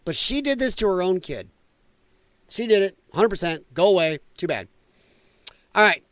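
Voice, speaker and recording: A man's voice: sits high, animated, moderate pace, fairly bright tone, dry recording. A man hosting a political podcast, giving blunt, indignant commentary and swearing freely. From United States. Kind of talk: opinionated livestream commentary.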